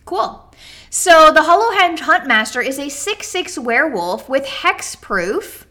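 Bright, bubbly woman talking cards. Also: high voice, big pitch swings, measured pace. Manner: bubbly, chatty, many "like" and "um" fillers. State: has the hiccups. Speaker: card game podcast co-host. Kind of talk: casual chat, card set review.

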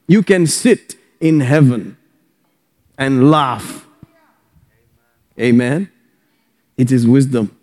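A man preaching a sermon as pastor, exuberant, breaking into loud laughter and whoops. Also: high-pitched, big-room sound.

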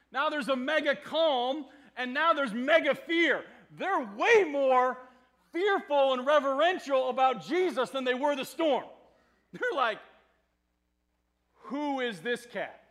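An American man preaching a sermon, telling a story with animated swings between loud quoted lines and hushed asides, laughing often. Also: very high voice. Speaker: pastor.

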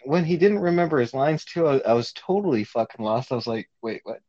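A man's voice: medium pitch, lively intonation, brisk, mellow, no echo, dull audio. A man telling stories in casual chat as a guest, swearing and laughing often. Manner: laughing, profane storytelling. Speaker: guest actor.

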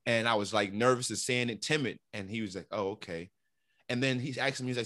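A middle-aged man from New York telling his story in a casual interview, animated and repeating words as he acts out what others said. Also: medium pitch, quick pace, no echo, clean studio sound. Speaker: interview guest.

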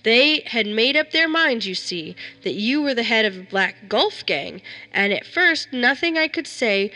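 Woman reader as folksy, matter-of-fact male sheriff in a spoken story; bright voice. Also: on the high side, expressive, a little slow. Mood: reassuring. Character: gruff but fair frontier sheriff, male.

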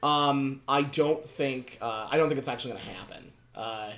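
A man's voice: mid-range voice, normal speed, fairly bright tone, echoey room, a little hiss or hum. A young man hosting a podcast in casual chat, swearing freely, laughing often and restarting his sentences. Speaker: podcast host.

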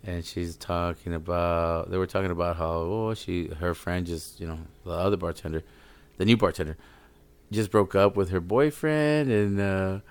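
A man's voice: deep voice, normal speed, smooth, no echo. A man chatting as a podcast guest, rambling and swearing freely as he tells stories, full of fillers. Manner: rambling, profane storytelling with many fillers. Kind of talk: casual podcast chat.

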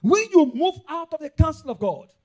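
High, lively Nigerian preacher. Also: male voice, moderate pace. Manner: emphatic preaching, repeats lines, rises to loud bursts. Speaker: pastor. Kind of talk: sermon.

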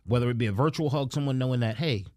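A man's voice: mid-range voice, very fast, a little mellow, no echo, clean studio sound. Jovial, silly male podcast co-host. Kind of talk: casual chat.

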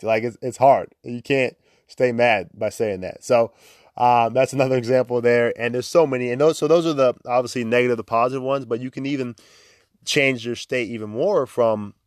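A man's voice: mid-range voice, no echo, studio quality. A young man hosting a podcast in a chatty, upbeat way, laughing often and filling with "like". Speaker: podcast host. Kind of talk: casual motivational talk.

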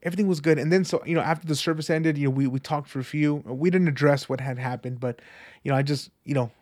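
A young man sharing a personal faith testimony in an earnest, animated, conversational way, often repeating himself. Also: a little high, fast. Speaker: church member sharing testimony.

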